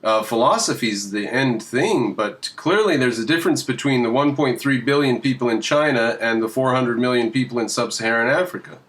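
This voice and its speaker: A man speaks in a casual debate call. He lays out his claims bluntly and flatly, without hedging. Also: medium pitch, a little fast, hardly any pauses.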